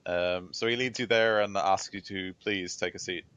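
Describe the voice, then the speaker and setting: A man narrating as game master in a tabletop game, relaxed and hesitant, with many fillers. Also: deep voice, normal speed, clear, resonant tone.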